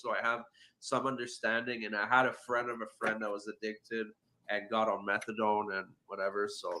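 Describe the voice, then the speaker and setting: A man's voice: medium pitch, pushed and bright. A man co-hosting a livestream, explaining things and reading out viewer questions. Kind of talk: casual livestream chat.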